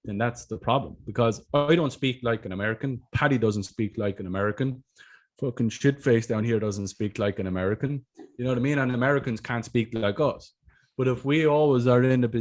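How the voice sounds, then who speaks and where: A man hosting a casual interview as a sales mentor, talking bluntly and swearing freely. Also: mid-range voice.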